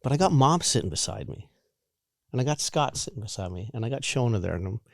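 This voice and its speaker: A man in his forties telling his own recovery story in a halting, candid way, often repeating words and restarting. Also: mid-range voice, lively intonation, gravelly, no echo, studio quality. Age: 40s. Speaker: guest sharing recovery story.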